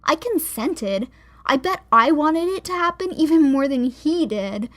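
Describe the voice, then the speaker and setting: Brief: woman narrator doing an angry, defensive young woman in an audiobook, sharp-tongued, slow and a little high. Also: sing-song. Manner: sharp, lashing out.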